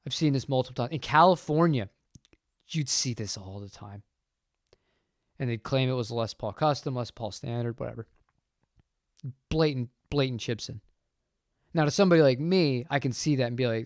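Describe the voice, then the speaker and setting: A man's voice: medium pitch, moderate pace, pauses often, no room sound, studio quality. Opinionated man chatting on a livestream. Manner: rambling, opinionated, animated. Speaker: channel host answering chat. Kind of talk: casual livestream chat.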